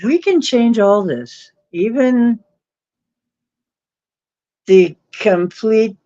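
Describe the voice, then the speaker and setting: Slow, giggly woman streaming late at night. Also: a little high, animated, mellow, no echo. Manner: mocking, giggly and rambling. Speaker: livestream host. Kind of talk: casual late-night livestream chat. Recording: dull lo-fi stream audio.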